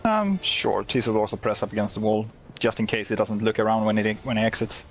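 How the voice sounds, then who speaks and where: A man's voice: lowish voice, fast, soft background music. A man playing in a tabletop role-playing game, plainly describing what his character does. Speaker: player. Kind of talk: casual tabletop play.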